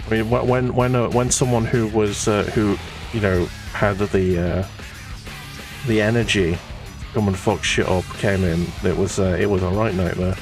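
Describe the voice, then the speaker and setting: Casting: man, low voice, dry and sweary, a bit off-mic over guitar music. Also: fairly even intonation, moderate pace, recorded from a distance. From United Kingdom. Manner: sweary, sarcastic, jokey. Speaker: guest painter. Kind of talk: casual stream chat.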